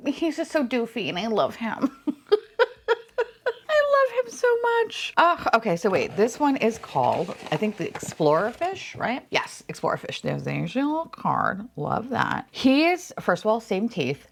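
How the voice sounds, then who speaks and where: A chatty woman unboxing toys, her voice swinging widely up and down as she gushes over each one. She swears freely and often drops into soft whispers when something delights her. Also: medium pitch, big pitch swings, moderate pace, creaky, hardly any pauses. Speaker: unboxing vlogger. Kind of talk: casual unboxing chat.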